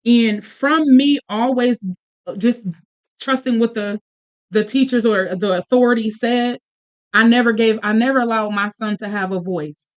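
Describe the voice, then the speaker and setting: Mom in her 30s hosting a podcast, kinda high voice, tells stories fast with lots of restarts. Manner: animated, talks in quick bursts with restarts and asides. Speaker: podcast host; mother. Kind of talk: casual storytelling chat.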